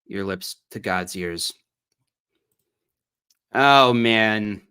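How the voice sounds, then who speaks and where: A man's voice: fairly low pitch, very slow, sharp tone, clean tone. A man with an Ohio accent giving sarcastic, mocking livestream commentary on an article he reads aloud. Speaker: streamer.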